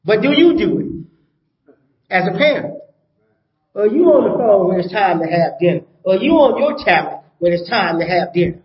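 A man's voice: sits high, animated, moderate pace, reverberant, highs cut off. An older man preaching a sermon as pastor, emphatic, repeating his points and asking the congregation rhetorical questions.

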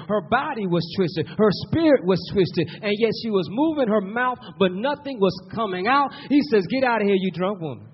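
A man's voice: high-pitched, a little hiss or hum. A man preaching a sermon, repeating words for emphasis and calling out to the congregation. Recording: muffled lo-fi sermon recording.

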